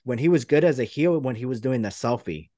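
A man's voice: mid-range voice, animated, a little fast, mellow, no room sound, studio quality. A man hosting a podcast, rambling through a play-by-play retelling in casual chat. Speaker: podcast host.

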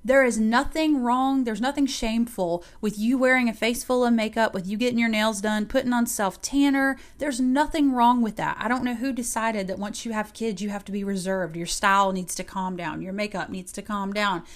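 A young woman and mother talking casually to camera, giving emphatic, animated pep talks to other moms. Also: a little high, moderate pace, hardly any pauses. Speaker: mom giving advice to mothers. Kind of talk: casual motivational talk to camera.

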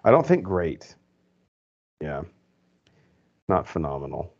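A man's voice: a bass voice, big pitch swings, slow pace, darkish tone. A man co-hosting a podcast, giving rambling, opinionated movie reviews in casual chat full of fillers. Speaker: podcast co-host. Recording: dull lo-fi podcast audio.

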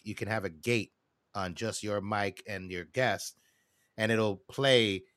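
A man's voice: lowish voice, fairly bright tone, no room sound. A male podcast host in a studio chats casually and interjects playfully. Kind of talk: casual chat.

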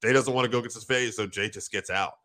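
A man gives a lively play-by-play recap, piling on details and dropping curses as he goes. His voice is low, with a forceful, bright edge. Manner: excited, quick storytelling with acted quotes and profanity. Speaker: wrestling show co-host. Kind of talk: casual recap commentary.

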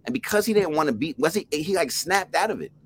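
A middle-aged man from New Jersey, a podcast guest telling a story in an animated, emphatic way with restarts. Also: on the high side, brisk, slight background noise.

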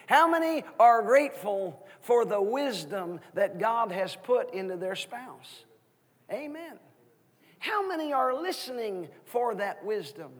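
Male preacher, thirties, sermon, lively questions to the pews, reverberant sanctuary. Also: extremely high pitch, takes it slowly. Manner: animated preaching with questions to the congregation. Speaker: guest minister. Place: church sanctuary.

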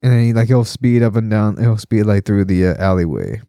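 A man's voice: on the low side, a little fast, dark tone, clear, resonant tone, no room sound, studio quality. A man hosting a casual podcast chat, rambling and swearing a lot, laughing often and getting worked up when he complains. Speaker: podcast host.

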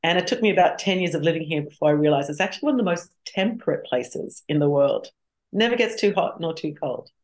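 A woman's voice: deep voice, lively intonation, quick pace, a little mellow. A woman being interviewed as a guest, telling stories from her own life in a reflective way. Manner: reflective storytelling. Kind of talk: conversational interview.

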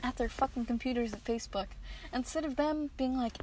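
A woman's voice: high voice, animated, brisk, a little mellow, low-quality recording. A nineteen-year-old American woman hosting her own podcast from inside a parked car, talking candidly and rambling with restarts and swearing. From United States. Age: late teens. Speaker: podcast host. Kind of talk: solo podcast monologue.

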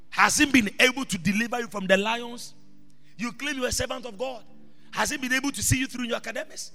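A man preaching a sermon as an apostle, shifting between quiet asides and shouted proclamations. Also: extremely high pitch, quick pace, gravelly. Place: church hall. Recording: reverberant church hall with music behind.

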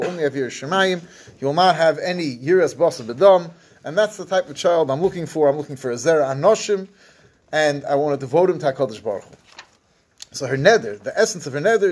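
A man's voice: fairly high pitch, a little mellow, husky. Man giving a Torah class. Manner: explains verses phrase by phrase, mixing Hebrew and Yiddish terms. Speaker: Torah teacher.

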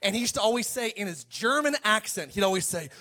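A man preaching a sermon to a congregation, swinging between loud calls and quiet asides and asking for amens. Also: sits high, expressive, fast.

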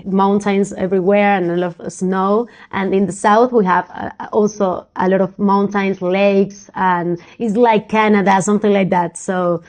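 Argentine woman talking in halting English. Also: mid-range voice, flat delivery, a little mellow. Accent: Argentine Spanish. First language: Spanish. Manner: halting, searching for words, frequent laughs. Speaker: guest, professional poker player. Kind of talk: casual interview chat.

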